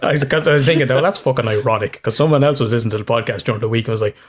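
A man's voice: mid-range voice, racing. A middle-aged Irish man with a Kildare accent, co-hosting a podcast in casual chat, swearing often and laughing a lot. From Ireland. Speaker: podcast co-host.

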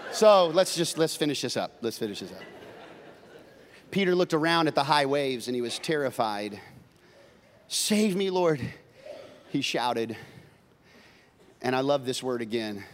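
A man preaching a sermon as pastor, swinging from loud, excited bursts to quiet, earnest passages. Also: medium pitch, unhurried, long pauses, a little hiss or hum. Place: church sanctuary. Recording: long reverb of a large hall.

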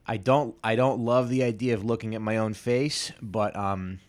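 A man's voice: lowish voice, steady tone, moderate pace. A man in his thirties hosting a casual solo podcast, telling rambling, self-deprecating stories full of asides and restarts. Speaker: podcast host.

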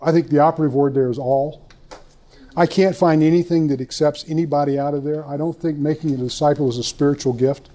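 A man's voice: on the high side, steady tone, fast, mellow. Folksy older man teaching a church group. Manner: folksy, rambling, self-deprecating, repeats words. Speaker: speaker at a church conference. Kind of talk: informal teaching talk with stories.

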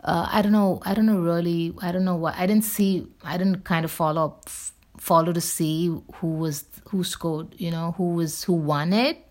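Chatty woman host rambling on her show, lowish voice, lots of likes and you knows. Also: fairly even intonation, moderate pace, darkish tone. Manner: rambling, many fillers and restarts; candid, chatty. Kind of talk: casual solo talk.

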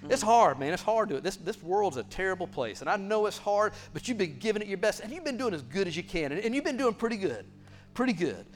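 A man playing a kindly, fatherly God in a church skit, chatting gently and reassuringly. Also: sits high, sing-song, quick pace, soft background music. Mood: gentle fatherly. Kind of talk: acted sermon skit.

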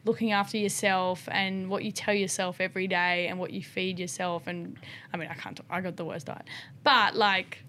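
A woman's voice: lowish voice, fairly even intonation, normal speed, bright, forceful tone, a little hiss or hum. Chatty woman, frank podcast guest. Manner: frank and chatty, swears casually, many fillers. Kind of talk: casual chat.

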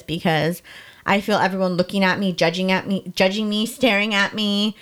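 A young adult woman candidly telling a personal story, talking fast and emotionally with many "like" fillers. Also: medium pitch, fairly even intonation. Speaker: podcast guest sharing her story.

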